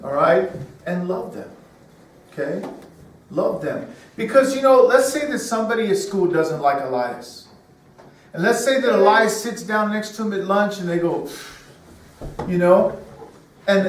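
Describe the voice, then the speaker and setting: High-voiced man preaching to kids, echoey. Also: a little hiss or hum. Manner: keeps asking the kids questions, tags lines with "okay?" and "right?". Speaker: children's church teacher. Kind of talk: children's sermon. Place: church room full of children. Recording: echoey room, mic far off.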